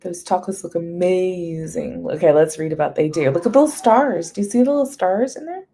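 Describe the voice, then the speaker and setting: Chatty woman with a mellow voice. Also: lowish voice, normal speed. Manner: chatty, reads menu items aloud in lists; greets viewers by name. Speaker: livestream host. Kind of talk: casual live chat with viewers.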